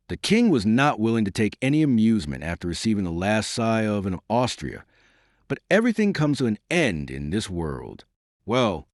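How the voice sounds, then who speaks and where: A man's voice: fairly low pitch, no echo, studio quality. A man voicing a proud, weary middle-aged musketeer who speaks in a dignified, curt way for an audiobook. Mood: musing.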